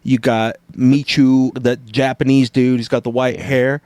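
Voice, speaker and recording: A man's voice: medium pitch, unhurried, no room sound. A man co-hosting a casual podcast chat, explaining things animatedly and acting out different tones of voice. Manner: animated, acts out tones and inflections while explaining. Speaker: podcast co-host.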